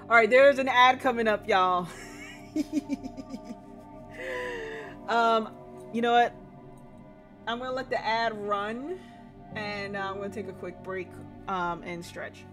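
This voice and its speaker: A woman's voice: a little high, slow pace, pauses often, over music. A woman streamer chatting casually while playing a game, rambling through restarts and laughing often. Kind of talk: casual live-stream commentary while gaming.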